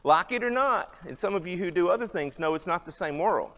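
High-voiced man teaching a church class. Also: animated, a little fast, a bit bright. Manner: conversational, asks the audience questions. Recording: long hall reverb.

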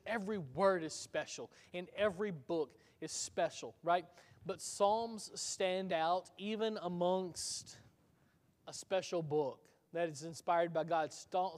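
A man's voice: on the high side, big-room sound. A man preaching a sermon in a conversational way, with rhetorical questions and restarts. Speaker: pastor.

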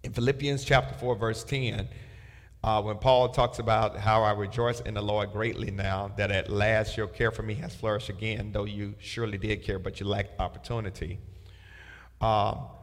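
A man with a fairly low voice teaches through a Bible passage verse by verse. He reads each line and then tells the class what to underline, circle or highlight. His voice rings out with a long hall reverb. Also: flat delivery, normal speed. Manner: reads scripture aloud with marking instructions. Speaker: pastor.

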